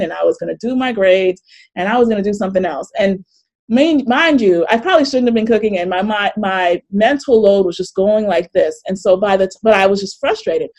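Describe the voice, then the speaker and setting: A middle-aged woman hosting a live online workshop over a video call, chatty and animated, often laughing and reading chat comments aloud. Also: medium pitch. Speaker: coach and webinar host.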